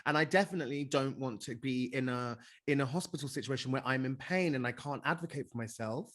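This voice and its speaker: A man's voice: medium pitch, quick pace, fairly bright tone. A young man co-hosting a podcast speaks bluntly, swears a lot and cracks wry jokes in casual chat. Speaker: podcast co-host.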